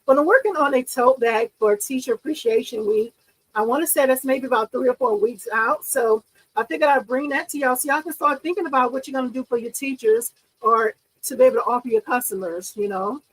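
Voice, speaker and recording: A woman's voice: high-pitched, brisk, slightly rough, rough recording. A bubbly, chatty woman, hosting a casual livestream and talking to her viewers. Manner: bubbly, excitable, chatty, often laughing. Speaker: livestream host. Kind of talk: casual live-stream chat with viewers.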